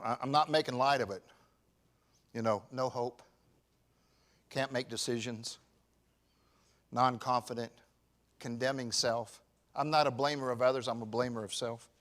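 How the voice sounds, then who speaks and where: A pastor in his fifties preaching a sermon, swinging from shouted emphasis to quiet, personal confession. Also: mid-range voice, steady tone, moderate pace, pauses often. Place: church.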